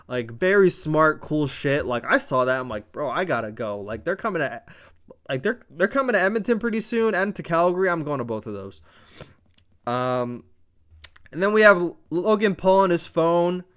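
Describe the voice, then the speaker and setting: A man from Canada recapping a wrestling show in a casual vlog, telling it excitably with lots of swearing and fillers. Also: fairly high pitch, normal speed, smooth.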